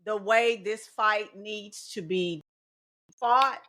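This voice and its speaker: A woman's voice: medium pitch, slow, pushed and bright, slight background noise. A middle-aged woman, a teacher in a casual podcast conversation, talking emphatically and repeating her key points. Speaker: teacher and guest.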